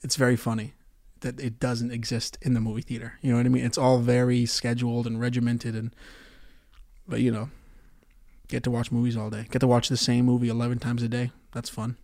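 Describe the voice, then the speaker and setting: A young man hosting a solo podcast, swearing and ranting sarcastically about his movie theater job, going from loud outbursts to quiet mutters. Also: medium pitch, completely flat delivery, a little fast, no room sound, studio quality. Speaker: podcast host.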